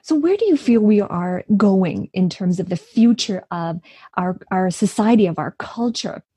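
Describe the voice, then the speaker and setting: A woman's voice: medium pitch, expressive, unhurried, warm tone, husky, no echo. A woman with a North American accent hosting an interview, asking long, rambling questions in an encouraging way. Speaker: interview host. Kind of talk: conversational interview.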